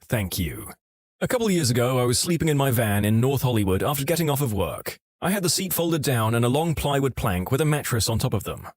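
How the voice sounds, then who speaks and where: A man narrating online stories in a steady, scripted storytelling delivery. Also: medium pitch, no room sound, studio quality.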